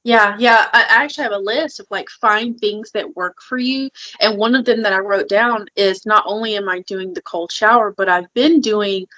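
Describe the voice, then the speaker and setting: A woman's voice: medium pitch, moderate pace, hardly any pauses, sharp tone, dull audio. A woman co-hosting a podcast, talking earnestly and openly about her feelings in casual chat. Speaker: podcast co-host.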